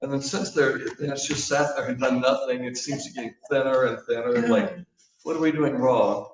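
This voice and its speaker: A man giving a sermon in a church, telling stories in a relaxed, conversational way with frequent fillers. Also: medium pitch, moderate pace. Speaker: guest speaker. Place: church sanctuary. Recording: echoey church hall from a distance, dull.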